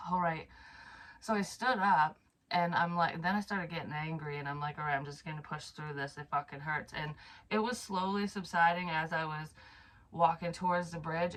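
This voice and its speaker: A woman's voice: low-pitched, a bit bright, a little hiss or hum, low-quality recording. A woman psychic medium telling a personal story to camera in a casual, frank way, swearing freely, sighing and trailing off mid-sentence.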